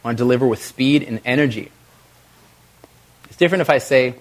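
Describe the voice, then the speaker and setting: A middle-aged man giving an energetic coaching talk to a live workshop audience. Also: mid-range voice, brisk, long pauses. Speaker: video presentation trainer.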